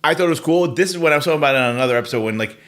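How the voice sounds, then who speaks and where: A man with a bright, forceful voice, chatting on a podcast. He is blunt and loose, swearing freely and trailing into casual asides. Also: fairly high pitch, expressive, very fast. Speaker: podcast co-host. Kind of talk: casual chat about hardcore records.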